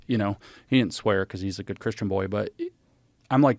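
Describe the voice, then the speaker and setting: A man talking as a podcast guest, explaining ideas emphatically and citing sources in animated conversation. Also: lowish voice, brisk, no echo.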